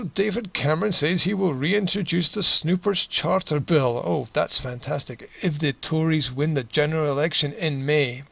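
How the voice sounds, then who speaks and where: A man's voice: fairly high pitch, moderate pace, gravelly, hardly any pauses, a bit bright, no echo, low-quality recording. A man teaching English, reading a news text aloud and adding sarcastic, chuckling asides.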